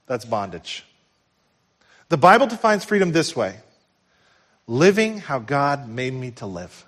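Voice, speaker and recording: A middle-aged man preaching a sermon as pastor, swinging from loud emphatic peaks to hushed, tender lows. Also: sing-song, measured pace, pauses often.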